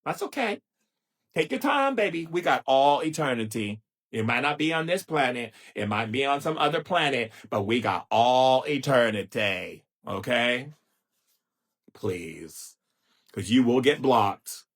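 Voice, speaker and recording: In a casual live-stream monologue, a middle-aged spiritual teacher jokes around with his viewers, using endearments and parodying stiff, droning speakers in a sassy way. His voice is mid-range and a little slow.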